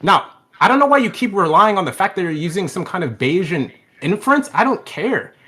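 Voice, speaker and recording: A man's voice: high voice, very animated, fairly quick, pushed and bright. A man in a heated online debate, combative and mocking, often laughing between his points.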